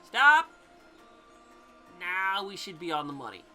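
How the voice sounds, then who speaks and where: A woman chatting playfully through a video game, explaining each step as she goes. Her voice is bright and animated, and faint game music plays underneath. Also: lowish voice, measured pace. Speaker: let's play host.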